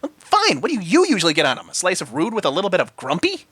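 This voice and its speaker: A man voicing a tiny, hyperactive female pony in a storybook reading, with a squeaky, sing-song, bouncy delivery. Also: wildly swooping pitch, fast talker, pushed and bright, husky, no room sound, heavily acted. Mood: indignant.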